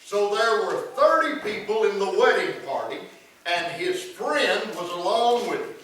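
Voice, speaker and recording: A middle-aged pastor delivers a sermon in a church sanctuary, telling folksy stories and acting out the quotes. His high voice is expressive, unhurried, and fairly bright. The recording is echoey and distant, with a little hiss or hum.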